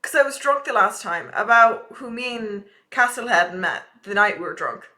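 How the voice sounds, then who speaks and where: Girl streamer ranting at chat, bright sharp voice, swears a ton. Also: mid-range voice, lively intonation, normal speed. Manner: profane, ranting, chatty. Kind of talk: casual live-stream chat.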